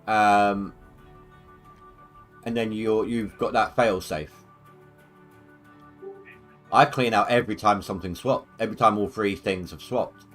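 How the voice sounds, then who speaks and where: A man in casual gaming chat, explaining game tips in a hesitant way with many pauses and fillers. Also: on the low side, fairly bright tone. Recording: faint music behind.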